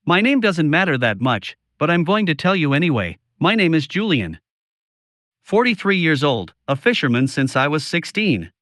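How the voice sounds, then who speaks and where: A man narrating a scripted first-person story in a slow, solemn, confiding way. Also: fairly high pitch, very animated, fairly bright tone, no echo, studio quality.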